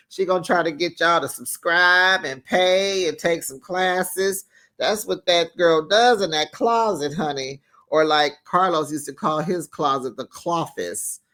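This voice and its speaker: A man hosting a reality TV recap channel offers sassy, chatty commentary, with plenty of laughter between remarks. He speaks at a moderate pace in a fairly high, sharp-toned voice.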